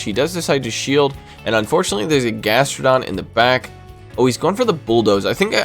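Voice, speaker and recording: A man casually commentating on a video game battle, reacting aloud to each move with quick bursts of excitement. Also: mid-range voice. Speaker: gaming commentator.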